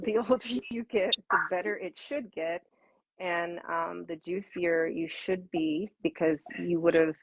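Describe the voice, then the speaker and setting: A woman answering interview questions as an intimacy coach, animated and laughing, often repeating words for emphasis. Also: lowish voice, vocal fry, breathy edge, no room sound, poor audio.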